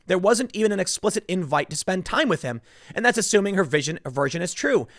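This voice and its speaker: Animated man in a dry commentary. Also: high voice, fast talker, dry recording. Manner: animated, acts out quoted voices. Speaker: political commentator. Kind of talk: solo political commentary.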